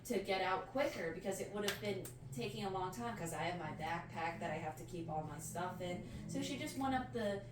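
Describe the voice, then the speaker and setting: A woman's voice: fairly low pitch, a little fast, hardly any pauses, music in the background. A woman at home during a haircut, emphatically retelling an argument at a public event. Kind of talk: casual storytelling chat. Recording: echoey room, distant voice, noisy background. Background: room ambience and electric clippers.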